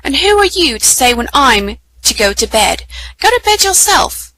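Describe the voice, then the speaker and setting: A woman's voice: on the high side, lively intonation, unhurried, bright, forceful tone, pitched above the performer's own voice, heavily acted. A woman voicing a tired, bad-tempered young schoolboy in a storybook reading, snappish and sulky.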